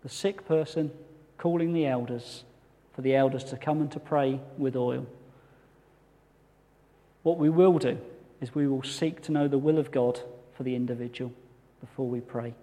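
A man delivers a measured, earnest sermon from the front of a church. His voice sits at a middle pitch, with a dry flash of humour now and then. The long hall reverb trails behind every phrase. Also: fairly even intonation, mellow. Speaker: pastor.

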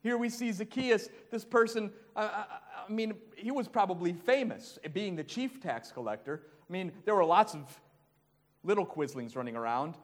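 A man preaching a sermon, dropping into hushed low asides and then building to loud, raised passages. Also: animated, moderate pace.

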